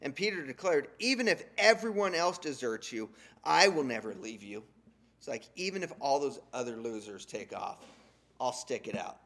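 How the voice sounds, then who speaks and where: A man delivers a sermon in a relaxed, conversational way. He retells the scripture with lively, slangy paraphrases and keeps his voice at an ordinary middle pitch. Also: moderate pace. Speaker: preacher.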